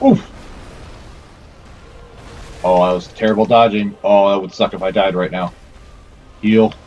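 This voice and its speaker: Low-voiced male let's player, profane and self-critical, chatting to in-game characters. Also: steady tone, unhurried, a little mellow, dull audio, soft background music. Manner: swearing, self-scolding and talking to the game's characters. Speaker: gameplay commentator. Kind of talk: let's play commentary.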